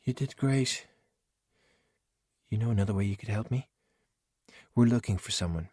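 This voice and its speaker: A man's voice: on the low side, normal speed, dark tone, no echo, voice pushed up, lightly acted. A man reading aloud and voicing a bold, sarcastic young woman in a storybook, with dry, wisecracking talk.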